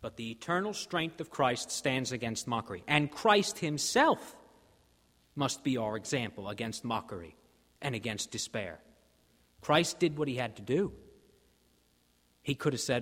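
A man preaching a sermon, emphatic, rising in force on key lines and dropping low for quoted voices. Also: sing-song, a little slow, long pauses, fairly bright tone, breathy edge. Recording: hall reverb.

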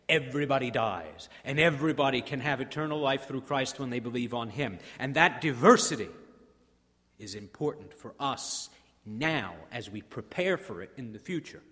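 A man preaching a sermon as pastor, swinging between hushed, drawn-out phrases and rousing, repetitive build-ups. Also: mid-range voice, expressive. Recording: long hall reverb.

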